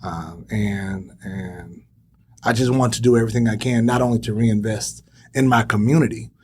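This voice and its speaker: A man from Dallas, giving interview answers in an earnest, measured way. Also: lowish voice, steady tone, darkish tone, husky. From Dallas, Texas. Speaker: guest.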